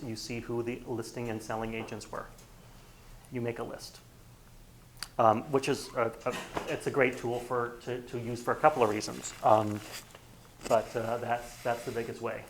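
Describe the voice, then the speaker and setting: Man, gravelly voice, real estate trainer, casual workshop talk, acts out dialogue, faint background noise. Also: mid-range voice, fairly even intonation, normal speed, rough recording. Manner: conversational, acts out quoted dialogue. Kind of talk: workshop lecture.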